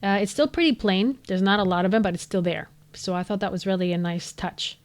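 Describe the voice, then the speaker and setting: A woman's voice: mid-range voice, brisk. A woman, a 3D artist, giving a casual, enthusiastic breakdown of a music video's visual effects, chatty and full of asides.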